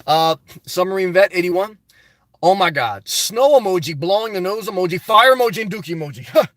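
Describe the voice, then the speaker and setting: A man's voice: high voice, expressive, a little fast, a bit bright, dry recording, clean studio sound. A man hosting a casual livestream, reading viewer comments aloud and riffing on them in a chatty way. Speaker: YouTube channel host reading live chat.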